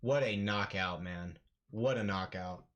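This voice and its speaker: A man doing live play-by-play commentary on an MMA fight for his stream, talking casually and yelling with excitement at the big moments. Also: lowish voice, measured pace, lo-fi sound.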